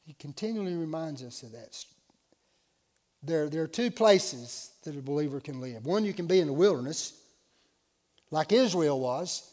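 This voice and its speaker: A man preaching a sermon as pastor, telling a personal story and then building to loud, emphatic exhortation. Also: on the high side, animated, normal speed, long pauses, big-room sound.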